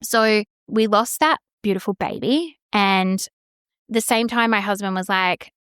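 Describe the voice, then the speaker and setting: A woman shares a hard personal story on her podcast, candid and unfiltered, swearing freely. Her voice is smooth and clear at a middling pitch, recorded close and dry with no room sound. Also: measured pace, fairly bright tone, dry recording. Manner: frank, swears freely, acts out quoted exchanges. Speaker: podcast host.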